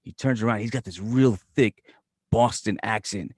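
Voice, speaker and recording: A man's voice: normal speed, a little mellow, dry recording, studio quality. A man co-hosting a podcast, telling rambling stories with lots of swearing. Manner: profane, rambling, mumbled low asides. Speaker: podcast co-host. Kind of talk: casual chat, storytelling.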